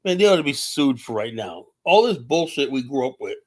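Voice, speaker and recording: A man's voice: mid-range voice, sing-song, a little fast, hardly any pauses. A man rants through a livestream monologue, blunt and profane. His voice sits in a mid range, and his talk rambles from point to point. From United States. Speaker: podcast host.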